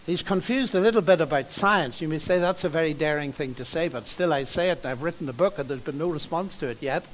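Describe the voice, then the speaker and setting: An older man giving a lively, conversational public lecture in a large university hall, telling stories and asking the audience rhetorical questions. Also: fairly high pitch, fast talker, a little hiss or hum.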